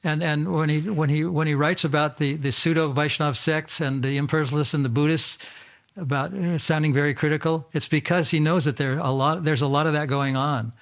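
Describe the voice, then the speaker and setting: A spiritual teacher, an older man, talks casually with his disciples in a home setting, often tripping over words, repeating himself and restarting. He sounds a little high and a bit bright, with a steady tone and fairly quick delivery.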